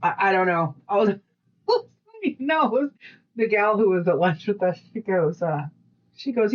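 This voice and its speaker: A woman co-hosting a podcast, chatting casually and rambling through stories with lively quoted voices. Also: mid-range voice, moderate pace, highs cut off. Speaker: podcast co-host. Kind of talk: casual chat.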